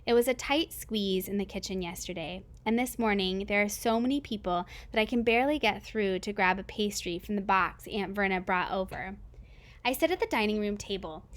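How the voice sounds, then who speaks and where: A woman reading a novel aloud in first person, in a steady, plain way with the odd small slip. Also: medium pitch. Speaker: reader.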